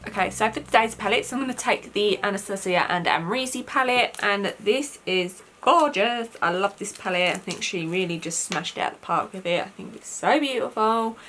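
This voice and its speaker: A woman's voice: mid-range voice, normal speed, hardly any pauses, a bit bright, slight background noise. A young British woman chatting her way through a makeup tutorial, rambling with lots of fillers. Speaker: beauty vlogger.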